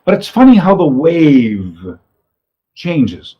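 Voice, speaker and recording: A man's voice: on the high side, very animated, slow, lo-fi sound. A man, a martial arts teacher, talking thoughtfully in his own training space and often restarting his sentences. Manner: thoughtful, rambling, many restarts. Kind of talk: reflective talk to camera.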